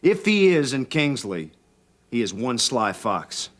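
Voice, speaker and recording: Calm middle-pitched police detective, played by a man; plain and businesslike. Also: a little slow. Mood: reassuring.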